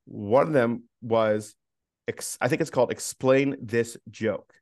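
Two or three sentences: A man on a podcast talks in a loose, rambling way, full of restarts and teasing asides. His pitch sits in the middle for a man. The room sound is dry and close. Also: slow pace, a little mellow, dry recording. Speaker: podcast co-host. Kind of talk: casual chat.

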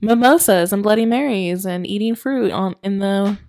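A woman's voice: medium pitch, moderate pace, darkish tone. A young adult woman co-hosting a podcast in casual chat, giggling and rambling with lots of likes and restarts. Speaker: podcast co-host.

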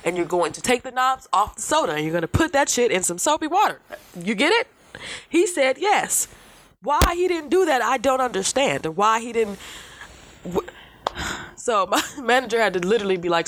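Animated, profane woman podcast host. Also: medium pitch, moderate pace, dry recording. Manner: animated, profane storytelling with mimicked voices. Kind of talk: casual chat.

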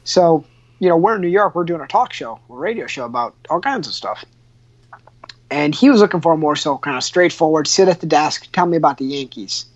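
A man's voice: a little high, lively intonation, a little fast. A man working as a radio show producer, telling a funny story in a loose, chatty way with lots of restarts and laughs. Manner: laughs often, many restarts and fillers. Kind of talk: casual storytelling. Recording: muffled lo-fi sound.

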